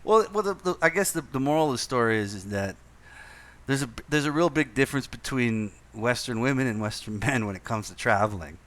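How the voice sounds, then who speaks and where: A man's voice: mid-range voice, animated, fairly quick, fairly bright tone. A man hosting a casual podcast chat, telling a profane anecdote with lots of repeated words and laughter. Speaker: podcast host. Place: lived in Indonesia.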